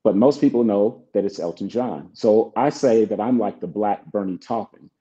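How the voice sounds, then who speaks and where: A middle-aged male songwriter, appearing as an interview guest, tells relaxed stories and acts out both sides of old conversations. His voice is on the low side and mellow, at a moderate pace. The recording has a dull, lo-fi sound.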